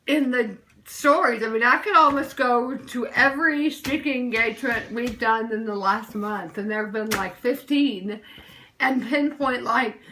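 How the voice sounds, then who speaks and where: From her kitchen table, a young adult woman hosts a relaxed live stream, enthusiastic and emotional, occasionally close to tears. Her voice is a little high, pushed and bright, and the audio quality is poor.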